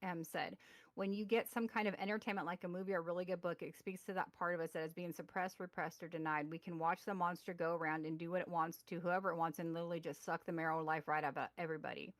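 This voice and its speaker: This podcast co-host, a woman in her forties, talks fast in a low-leaning voice with fairly even intonation, heard over a remote call mic with no room sound. She reads articles aloud on the casual show and rambles, full of fillers and restarts.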